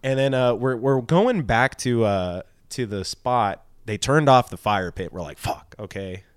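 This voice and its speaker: A man's voice: medium pitch, a little slow, clean tone, no echo, clean studio sound. A man telling a long party story in casual chat, swearing often and acting out the people he quotes. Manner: profane, rambling, animated with quoted voices.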